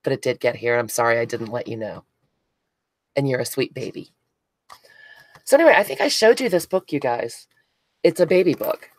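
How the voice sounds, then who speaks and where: Woman, craft live-stream host, giggly and gushing, low voice, dry close sound. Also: lively intonation, moderate pace, long pauses, no echo. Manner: giggly, gushing, reads out chat names. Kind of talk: casual live-stream chat with viewers.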